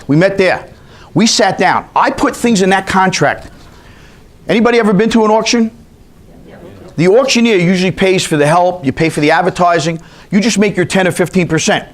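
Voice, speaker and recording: A man's voice: high-pitched, a little fast. A man from New York teaching a continuing education class, telling chatty stories and quizzing his audience. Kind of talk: storytelling lecture to a class.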